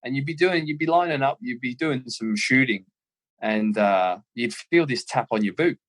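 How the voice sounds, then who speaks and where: An Australian man in his thirties, a former footballer, telling lively anecdotes as a guest in an interview. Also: mid-range voice, normal speed. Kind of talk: casual storytelling interview.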